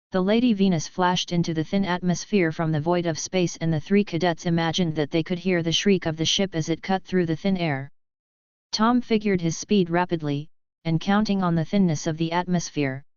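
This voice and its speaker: A woman narrating an audiobook with a steady, measured delivery. Her voice is very clear and somewhat low. The recording is dry, with a slightly muffled, lo-fi quality. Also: no room sound. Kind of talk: scripted narration.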